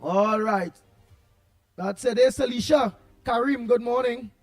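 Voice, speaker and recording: A Trinidadian man hosting a live show, greeting viewers one by one in loud, husky, playful banter. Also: very high-pitched, measured pace, no echo, studio quality, faint music behind. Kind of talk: casual live-stream chat.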